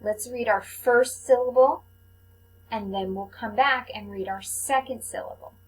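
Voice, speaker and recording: Slow, patient woman teaching phonics. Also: a little high, poor audio. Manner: slow, patient, clearly enunciated teacher talk. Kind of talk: phonics lesson for children.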